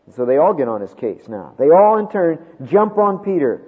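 A man preaching a sermon, with dramatic swings from loud emphasis to hushed tones. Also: a little high, big pitch swings, moderate pace, slightly rough. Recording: tinny phone-like sound with long hall reverb.

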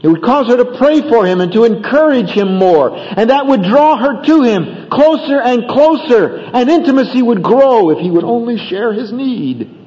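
A man's voice: extremely high pitch, animated, normal speed, warm tone, big-room sound, highs cut off. A man preaching a sermon about marriage in an earnest manner, with rising emphasis and acted bits of dialogue. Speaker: pastor.

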